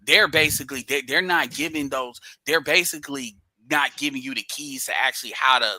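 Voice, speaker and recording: A man's voice: mid-range voice, brisk, bright, forceful tone, no room sound, low-quality recording. A man hosting a casual stream chat, explaining his ideas in loose, rambling sentences full of restarts.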